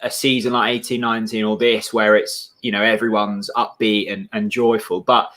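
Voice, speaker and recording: A man's voice: on the low side, flat delivery, moderate pace, sharp tone. A man hosting a casual chat, eager and prone to stumbling restarts. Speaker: host.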